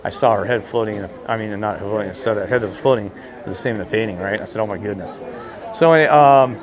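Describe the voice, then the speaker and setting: A man telling a rambling, excitable story in casual chat, gesturing as he talks outdoors. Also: fairly low pitch, rapid-fire, crowd noise. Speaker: vlogger telling a ghost story.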